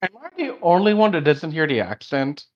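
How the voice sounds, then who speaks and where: A man's voice: on the high side, big pitch swings, brisk. Blunt man on a dull lo-fi mic. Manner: opinionated, blunt. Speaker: podcast co-host. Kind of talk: casual review chat.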